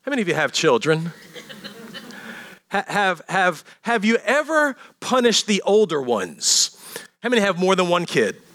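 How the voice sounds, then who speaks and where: A man, a pastor delivering a sermon in an animated storytelling manner with asides to the congregation. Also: sits high, unhurried, no echo.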